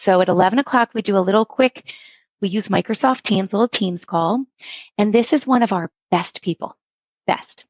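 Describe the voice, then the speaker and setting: A woman's voice: mid-range voice, brisk, no echo. A middle-aged woman, an instructional coach, telling stories in a podcast interview and acting out the quoted dialogue. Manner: animated storytelling, acts out quoted dialogue.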